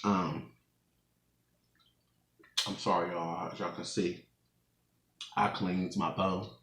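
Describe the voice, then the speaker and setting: Slow-talking young man, bright voice. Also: low-pitched, little pitch movement. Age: 20s. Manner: rambling, laughs often while telling a story. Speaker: mukbang vlogger. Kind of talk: casual storytelling to viewers. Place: room at home. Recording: echoey room.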